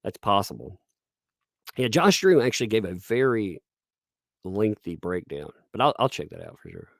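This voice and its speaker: A man's voice: sing-song, normal speed, creaky, no room sound, studio quality. A man hosting a live stream, commentating sarcastically, reading chat and laughing often. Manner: puts on squeaky mocking voices when quoting people.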